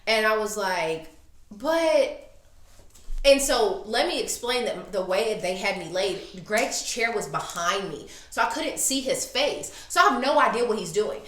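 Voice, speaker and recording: A woman in her thirties telling a story in casual chat, animated and acting out the voices she quotes. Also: mid-range voice, a little slow. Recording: echoey room.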